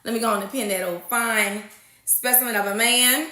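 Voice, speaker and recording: A woman's voice: fairly high pitch, steady tone, normal speed, bright, forceful tone. A woman hosting a casual livestream, chatting with viewers and greeting them by name, calling them honey and y'all. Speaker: livestream host. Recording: echoey room.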